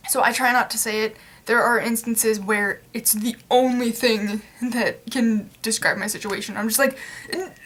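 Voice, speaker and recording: A woman's voice: a little high, steady tone, moderate pace, few pauses, a bit bright. A young adult woman talking straight to camera in a casual vlog rant, rambling and exasperated, with lots of fillers. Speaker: vlogger.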